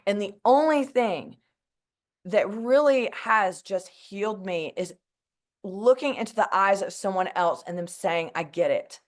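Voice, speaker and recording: An earnest woman in her forties with a drawl speaks to an audience about her own experience. Her voice sits at a medium pitch and she sounds close to tears, leaning on fillers like "like" and "you know." She talks from the heart as a mental health advocate. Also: measured pace. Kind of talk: heartfelt personal talk to an audience.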